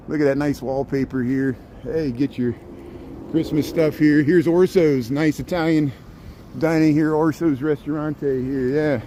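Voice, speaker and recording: A man's voice: a little high, steady tone, measured pace, dark tone. A man hosting a rambling livestream walking tour outdoors on city streets, chatting sarcastically in a stream-of-consciousness way. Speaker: livestream host. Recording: faint street noise.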